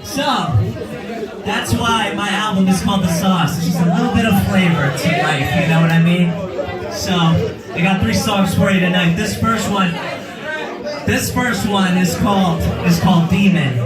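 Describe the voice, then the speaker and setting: A man's voice: sits high, normal speed. A man from New Jersey, a rapper talking playfully to the crowd on stage before his set. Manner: playful, hyped, shouts to the crowd. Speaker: rapper performing live. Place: live music venue. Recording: echoey hall from far off. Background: loud music and crowd.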